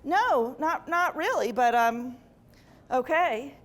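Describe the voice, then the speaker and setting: A woman's voice: sits high, animated, slow pace, fairly bright tone, exaggerated voice. A woman voicing a timid young male fiddle player who hesitates and stammers in a raised voice.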